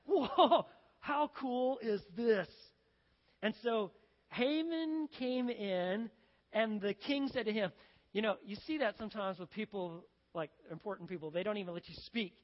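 A conversational preacher with a long echo. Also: male voice, sits high, normal speed. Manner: conversational, animated storytelling. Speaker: pastor. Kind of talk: sermon. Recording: dull lo-fi sound with long hall reverb.

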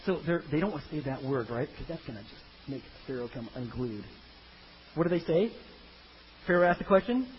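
A man preaching a sermon in an animated, comic way, acting out the story as he goes. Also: a little high, fairly quick, dull audio, slight background noise. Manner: animated, comic, acts out biblical characters in funny voices. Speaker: pastor.

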